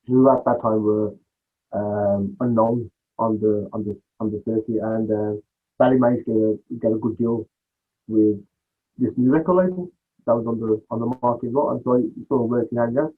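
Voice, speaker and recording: Husky man on a tinny line. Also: medium pitch, steady tone, normal speed. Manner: rambling, acts out quoted dialogue. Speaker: podcast guest, music producer. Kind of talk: casual storytelling interview.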